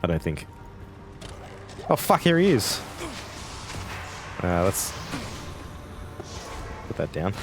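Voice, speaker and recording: A man's voice: deep voice, very animated, slow pace, long pauses, music in the background. Casual man in his twenties streaming a game. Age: 20s. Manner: casual, chatty, rambling, answers chat between fights. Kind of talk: live gameplay commentary, chatting with viewers.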